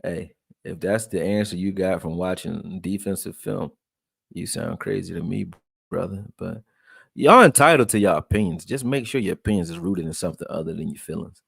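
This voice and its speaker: A man from Texas, raised in Philadelphia, breaking down football film and reading chat on a live stream in a loose, profane, animated way. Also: low-pitched, moderate pace, vocal fry, breathy edge, no echo, clean studio sound. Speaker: sports commentary streamer.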